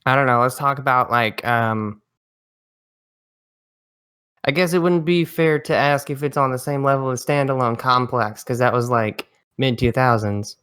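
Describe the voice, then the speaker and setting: Male podcast host, smooth clear voice, quick and blunt, wry asides. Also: mid-range voice, fairly even intonation, fairly bright tone. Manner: quick, blunt and wry, reads titles aloud. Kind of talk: casual podcast chat.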